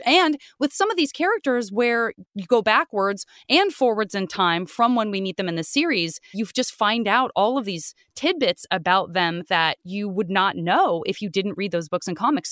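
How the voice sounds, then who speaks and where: A woman hosting a podcast, chatting in an animated, talkative way, her voice jumping high when she gets excited. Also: no echo, studio quality. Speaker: podcast host; voice actress. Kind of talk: casual podcast chat.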